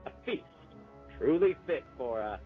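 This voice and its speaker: A man voicing a gentle droid chef who speaks slowly and grandly with serene devotion. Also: mid-range voice, animated, phone-quality sound, faint music behind, lightly acted. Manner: slow, flowery and serene.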